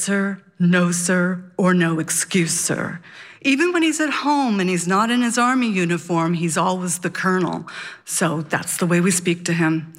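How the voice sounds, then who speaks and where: A woman telling a personal story live on stage, with dramatic pauses and short punchy sentences. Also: medium pitch, a bit bright. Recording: long hall reverb.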